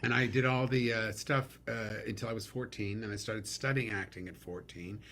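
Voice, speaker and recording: A middle-aged man from New York, a guest comedian telling stories in a casual interview, animated and theatrical. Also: on the low side, normal speed, a little hiss or hum.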